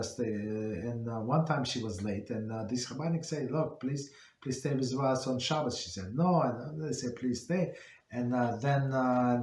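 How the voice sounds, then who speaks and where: A man teaching an online Torah class, telling a story haltingly with many fillers and restarts. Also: mid-range voice, a little mellow. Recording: roomy echo.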